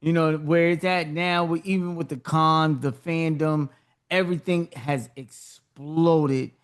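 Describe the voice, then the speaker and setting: A man hosts a podcast in a fairly high voice for a man. He is enthusiastic and loose, and he talks informally with plenty of filler words as he sets up his questions. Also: fairly even intonation, unhurried, smooth. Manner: enthusiastic, loose and informal, lots of "you know". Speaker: podcast host. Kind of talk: casual interview talk.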